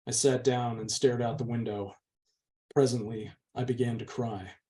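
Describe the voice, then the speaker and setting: A man's voice: medium pitch, steady tone, normal speed, warm tone. A man, the channel's host, steadily reading a novel's chapter aloud. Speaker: book reader, channel host.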